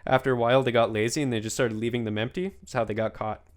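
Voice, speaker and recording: Smooth-voiced young man rambling a story. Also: medium pitch, steady tone, fast. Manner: rambling storyteller, laughs often, says "man". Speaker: podcast host. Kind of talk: casual chat.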